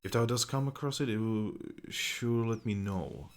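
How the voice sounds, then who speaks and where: A man's voice: on the low side, moderate pace, close to an everyday voice. A man voicing a stranded traveler in a fantasy game, reading archaic lines aloud. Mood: worried. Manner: archaic formal speech, read aloud. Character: stranded traveler hoping to sail home.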